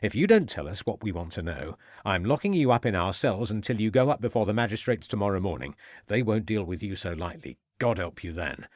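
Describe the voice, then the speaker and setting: A man doing a shrewd, stern inspector grilling a suspect in an audiobook. He presses firmly and threatens with steady authority, his pitch rising and falling with emphasis. The recording is dry and close. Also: a little fast, dry recording, lightly acted. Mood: stern, pressing. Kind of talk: audiobook character voice.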